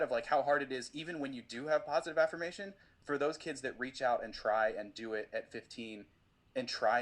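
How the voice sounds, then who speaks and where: A man's voice: mid-range voice, a bit bright. A young adult man, a musician guest on a podcast, talking casually and rambling a lot. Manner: rambling, many "like" fillers. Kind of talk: casual conversation.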